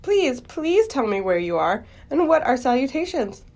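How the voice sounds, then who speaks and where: A woman voicing an eager young pig, high and excited. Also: normal speed, heavily acted. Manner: excited, polite, pleading.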